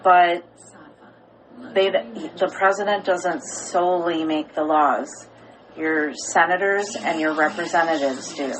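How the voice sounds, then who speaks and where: Lower-voiced woman explaining things plainly. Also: takes it slowly, slight background noise, rough recording. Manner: explaining in plain terms, asking leading questions. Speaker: podcast co-host. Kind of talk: casual chat.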